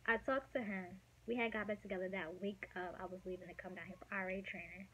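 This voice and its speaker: A woman of about twenty telling a personal story in a casual, emotional way, dropping to a hush and then getting loud, with lots of fillers. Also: mid-range voice, fairly even intonation, fast, breathy edge, low-quality recording. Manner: emotional, swings from hushed to loud, many fillers. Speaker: vlogger.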